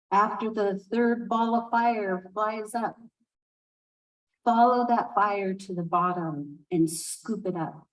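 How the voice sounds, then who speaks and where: A woman telling a traditional folk tale aloud at a conference, unhurried and expressive, with asides to listeners. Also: medium pitch, recorded from a distance, poor audio. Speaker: storyteller speaking at a conference. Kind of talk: oral storytelling of a folk tale.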